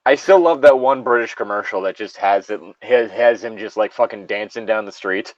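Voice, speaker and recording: A man's voice: fairly low pitch, normal speed, a little hiss or hum. A man co-hosting a podcast, chatting casually and reading a creepypasta aloud, swearing freely, laughing often and drifting into asides. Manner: profane, laughs a lot, rambling asides. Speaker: podcast co-host. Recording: slightly dull lo-fi sound.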